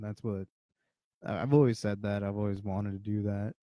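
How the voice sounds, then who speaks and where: A man's voice: on the low side, steady tone, normal speed, dark tone, no echo. A slightly drunk man hosting a podcast, rambling and swearing in casual chat. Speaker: podcast host.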